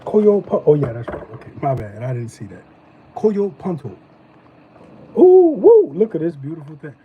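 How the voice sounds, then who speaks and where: A man hosting a live stream, chatting casually as he reviews snacks, animated and slangy. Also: fairly high pitch, fairly quick, breathy edge, phone-quality sound. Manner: animated, loose slangy talk.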